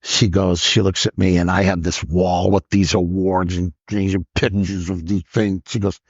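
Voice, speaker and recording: A man in his sixties, a comedian, telling lively stories on a podcast and acting out the lines of other people. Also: low-pitched, moderate pace, breathy edge, dry recording. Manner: animated storyteller who acts out other people's lines. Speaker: guest comedian. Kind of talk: storytelling interview. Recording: dull lo-fi podcast audio.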